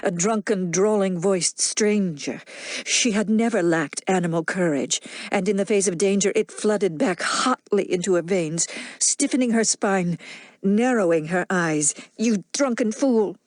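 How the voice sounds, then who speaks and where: A woman narrating an audiobook with a measured, dramatic delivery. Her voice sits in a middle pitch. The recording is dry and close. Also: no echo. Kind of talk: scripted narration.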